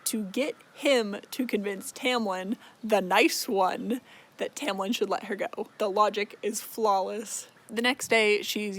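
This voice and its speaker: A woman's voice: medium pitch, a little hiss or hum. Chatty young woman recapping a book. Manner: chatty, swears freely, lots of fillers. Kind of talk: casual book recap, acting out characters.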